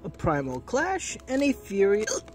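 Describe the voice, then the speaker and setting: A man's voice: high voice, wildly swooping pitch, measured pace, soft background music. A man with the hiccups doing chatty, easily delighted commentary while opening trading card packs and thinking aloud. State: has the hiccups. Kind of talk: casual unboxing commentary.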